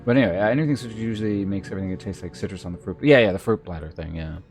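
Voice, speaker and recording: Man streamer, low voice, loose rambling chat with viewers, restarts often, faint music underneath. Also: very fast. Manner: rambling, with frequent restarts and filler words. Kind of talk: casual chat with live viewers.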